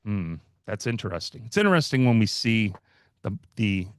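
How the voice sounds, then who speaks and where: A man with a fairly low voice talks through stock charts on a livestream, loose and conversational, with fillers and restarts. The sound is dry and close, with almost no room behind it. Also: big pitch swings, moderate pace, no room sound. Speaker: market analyst host. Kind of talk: livestream market commentary.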